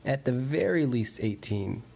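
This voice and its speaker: A man calling in with a voicemail, giving his opinion in a measured, considered way. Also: mid-range voice, lively intonation, gravelly, a little mellow, slight background noise. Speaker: voicemail caller.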